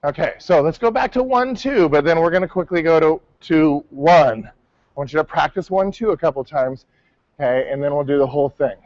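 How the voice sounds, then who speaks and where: A man's voice: on the high side, lively intonation, brisk, darkish tone, dry recording, highs cut off. A male martial arts instructor teaching a class, calling out counts and coaching his students. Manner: barks counts, coaching and correcting.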